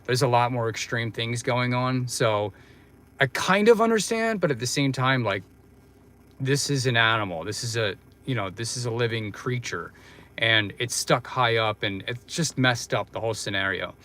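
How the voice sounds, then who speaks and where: A man's voice: mid-range voice, a bit bright. Chatty rambling man telling a story. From Philadelphia, United States. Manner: rambling, chatty, many fillers and restarts. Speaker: livestream host. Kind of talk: casual storytelling livestream.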